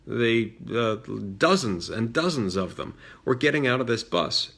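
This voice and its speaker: A middle-aged man telling a personal story in a measured way, with frequent fillers and restarts. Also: on the low side, creaky, a bit bright. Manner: measured, many fillers and restarts, mimics voices in quotes. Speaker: senator recounting a childhood story. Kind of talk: storytelling monologue.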